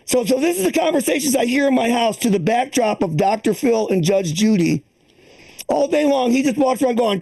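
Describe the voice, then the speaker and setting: Gravelly high-voiced man in his sixties. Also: expressive, a little fast, warm tone. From Boston area. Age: 60s. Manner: profane, rambling, acts out quoted voices. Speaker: stand-up comedian. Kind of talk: stand-up comedy set. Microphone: streamed online comedy show.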